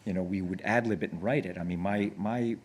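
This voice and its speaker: On stage before an audience, a male actor guest with a deep, husky voice speaks briskly in a casual conversation. He tells long, rambling anecdotes with many restarts, growing excited and laughing as the stories go on.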